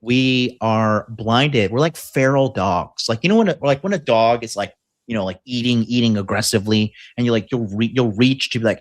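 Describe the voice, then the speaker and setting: A man's voice: medium pitch, fairly quick. Blunt provocative male podcast host. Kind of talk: crude casual banter.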